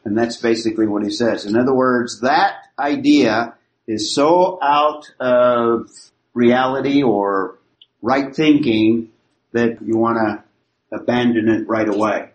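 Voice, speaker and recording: A man teaching a Bible class, measured and emphatic, restating each point several times. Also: medium pitch. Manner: measured, emphatic, with frequent paraphrase and repetition. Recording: echoey room with light background noise.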